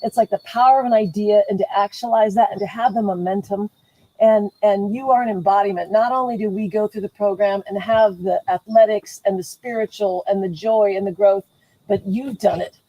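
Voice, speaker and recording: A woman teaching a song line by line to a live audience, singing phrases and then explaining them quickly. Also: medium pitch, steady tone, warm tone, lo-fi sound. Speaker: singer-songwriter guest. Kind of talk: teaching a song with guitar, then casual thanks.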